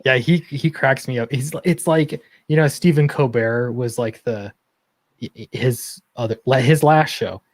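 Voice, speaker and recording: An easygoing man hosting a casual late-night stream, agreeing and chatting loosely. His voice sits at a middle pitch, recorded dry and close. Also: a little slow, no echo. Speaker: stream host.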